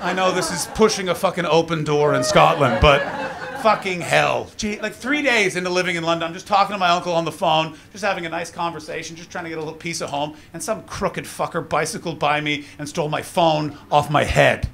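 A man doing a live stand-up routine, loud and profane, shouting his punchlines. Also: fairly high pitch, fairly quick, vocal fry, a little hiss or hum. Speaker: stand-up comedian. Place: large comedy venue with live audience. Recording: live stage mic with crowd. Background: audience laughter.

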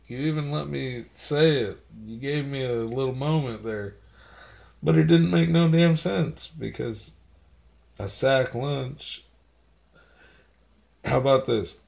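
A man with a gravelly, creaky voice delivers a comic rant at his dog, swearing and mock-threatening. He talks very slowly, dragging each phrase out. His pitch sits in an ordinary middle range. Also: lively intonation, darkish tone. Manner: profane, mock-menacing, slow and drawn out.

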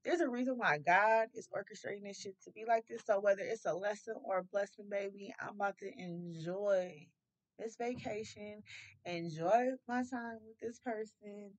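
A woman's voice: medium pitch, moderate pace, low-quality recording. A young woman doing a casual tarot reading, loose and profane, laughing often. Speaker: tarot reader.

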